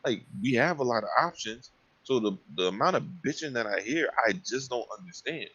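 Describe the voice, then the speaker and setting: A man's voice: mid-range voice, fairly bright tone, breathy edge, lo-fi sound. A man making his point on a casual gaming podcast, blunt, emphatic and profane.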